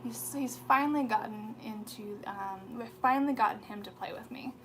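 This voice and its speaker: A woman's voice: a little high, moderate pace, fairly bright tone, a little hiss or hum. A woman in her thirties from the United States, hosting a casual skincare livestream from home, chatting in a rambling way with lots of fillers and restarts. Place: home room with pets.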